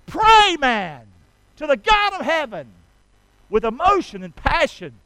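High-voiced impassioned preacher man. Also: big pitch swings, moderate pace, pushed and bright, dry recording, poor audio. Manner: impassioned, leads congregation in call-and-response prayer. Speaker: pastor. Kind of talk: sermon.

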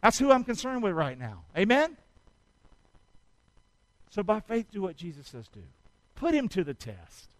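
High-voiced preacher calling out to his church. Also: wildly swooping pitch, unhurried, pauses often, no room sound, rough recording. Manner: call-and-response preaching, rising to shouts. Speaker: pastor. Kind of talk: sermon.

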